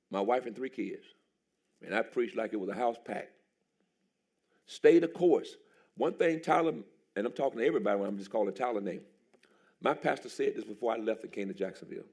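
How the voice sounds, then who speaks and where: Animated preacher man, gravelly voice. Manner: animated preaching, jumps to a high excited voice for the story and shouts. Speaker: pastor. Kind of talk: sermon. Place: church sanctuary.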